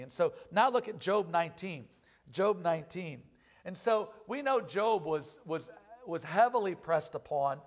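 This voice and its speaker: A man preaching a sermon, reading scripture aloud slowly and with rising emphasis between plain explanations. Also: high voice.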